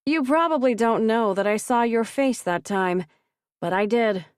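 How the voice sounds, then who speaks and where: A woman voicing a composed man who speaks calmly and sarcastically. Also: a little high, measured pace, clear, resonant tone, dry recording, studio quality, lightly acted. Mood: deadpan. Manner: calm and deadpan.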